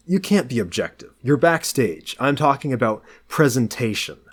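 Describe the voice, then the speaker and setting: A man's voice: mid-range voice, very animated, normal speed, slightly rough, voice pushed up. A man reading the part of a wry, teasing young man who smirks and lectures his friend. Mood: lecturing.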